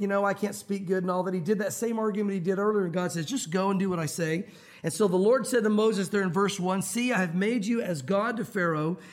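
A man preaching a sermon in a conversational, joking way, stressing key words as he teaches verse by verse. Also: high voice. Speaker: pastor.

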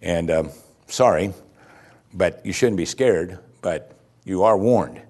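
A man preaching a sermon, explaining scripture in an animated way with chuckling asides and emphatic rising peaks. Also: low voice, slow pace. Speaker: pastor.

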